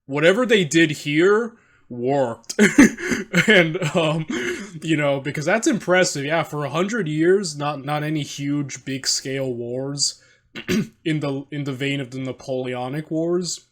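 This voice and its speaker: A man's voice: fairly high pitch, unhurried, a bit bright. A man hosting a reaction video in casual, rambling commentary, self-deprecating and often restarting his sentences.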